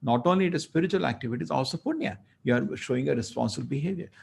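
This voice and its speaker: A man lectures at a temple, telling a story in a loose, conversational way. His voice is gravelly and husky, at an ordinary middle pitch. He often slips into acting out the characters' lines. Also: very fast. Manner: animated, conversational, acts out dialogue. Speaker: temple speaker.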